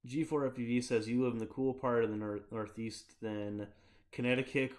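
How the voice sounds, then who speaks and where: A man's voice: medium pitch, steady tone, normal speed, darkish tone. A young man from Michigan chatting casually on his livestream, rambling through stories and laughing often. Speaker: streamer.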